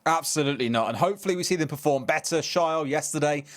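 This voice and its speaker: A man's voice: fairly high pitch, fast. A man casting an esports match, jokey and bantering. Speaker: esports caster. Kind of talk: esports pre-match commentary.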